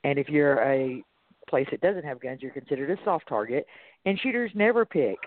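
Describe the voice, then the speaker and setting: A man's voice: medium pitch, expressive, normal speed. A man with a Texas accent hosting a talk radio discussion, reading articles aloud and commenting in a casual way. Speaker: radio host. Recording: tinny phone-like line, dry.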